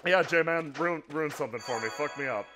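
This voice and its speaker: A man's voice: fairly high pitch, moderate pace. A man giving casual, joking commentary while playing a game, breaking into mock-alarmed yelps, with game music behind him. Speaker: let's play commentator.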